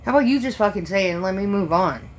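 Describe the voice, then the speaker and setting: A woman's voice: mid-range voice, animated, fast. A woman who works as a restaurant server, ranting casually on a livestream and swearing freely in an exasperated way.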